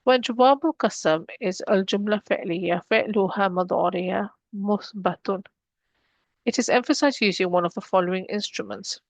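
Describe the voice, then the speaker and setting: A woman's voice: medium pitch, quick pace, dry recording. A woman teaching an Arabic grammar lesson, explaining each rule step by step and mixing English with Arabic terms.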